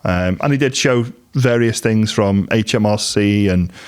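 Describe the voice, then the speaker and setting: Low-voiced male podcast host. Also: measured pace, a little mellow, smooth. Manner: chatty, acts out other people's lines in quoted voices. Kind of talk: casual business interview chat.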